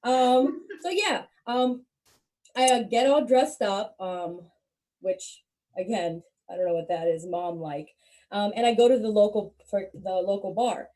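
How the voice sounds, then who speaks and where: A young woman doing stand-up, telling a profane story in a brash, animated way, swearing constantly. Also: mid-range voice, unhurried. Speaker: stand-up comedian.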